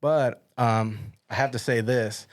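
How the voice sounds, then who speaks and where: A man's voice: mid-range voice, steady tone, unhurried. A middle-aged man hosting an interview, chatting casually and telling stories with lots of fillers and restarts. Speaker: podcast host.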